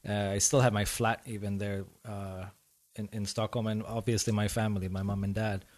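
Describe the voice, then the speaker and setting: A man from Iran who grew up in Sweden, a guest chatting in a relaxed, rambling way on a podcast. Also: fairly low pitch, brisk, a little hiss or hum. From Iran, raised in Sweden. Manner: relaxed, rambling, frequent laughs. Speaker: guest musician. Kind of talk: casual podcast chat.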